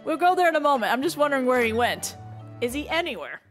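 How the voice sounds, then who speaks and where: A woman's voice: high voice, very animated, fast talker, soft background music. A woman streaming a story game, chatting casually and joking about herself. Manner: chatty, self-deprecating. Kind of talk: casual let's-play commentary.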